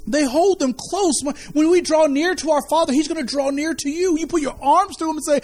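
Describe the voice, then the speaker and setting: A man preaching a sermon as a pastor, animated and repeating his key phrases, often restarting words mid-sentence. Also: very high-pitched, brisk, hardly any pauses.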